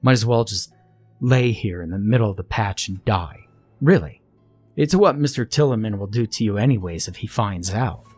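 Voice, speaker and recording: A man's voice: fairly low pitch, normal speed, a little mellow, slightly rough, soft background music. A man doing a sneering teenage bully. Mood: taunting. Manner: taunting, sneering. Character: cruel cocky teenage bully.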